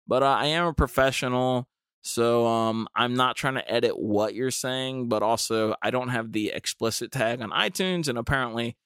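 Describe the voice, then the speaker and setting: A young man hosts a laid-back podcast in a loose, rambling way, stopping often to restart his thoughts. His voice has a gravelly fry running through it. The sound is close and dry, with no room around it. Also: medium pitch, moderate pace, a bit bright, no room sound. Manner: rambling, full of fillers and restarts. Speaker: podcast host. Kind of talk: casual podcast chat.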